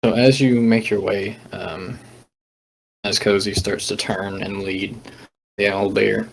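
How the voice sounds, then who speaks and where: A man with a fairly low voice leads a tabletop game as game master, easygoing and quick to laugh. He has the hiccups. Faint ambience hums behind him. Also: creaky, slight background noise, low-quality recording. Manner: relaxed, laughs often, restarts sentences. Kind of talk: narrating a tabletop game over voice chat.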